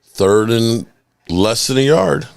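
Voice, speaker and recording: A man co-hosting a casual live sports stream, reading viewer chat aloud and shouting out fans. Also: medium pitch, expressive, slow pace, creaky, no room sound. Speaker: sports podcast co-host.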